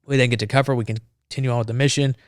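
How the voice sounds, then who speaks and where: A man's voice: mid-range voice, fairly even intonation, rapid-fire, dry recording, studio quality. A man, a former Marine, telling a story casually and animatedly on a podcast, acting out the dialogue.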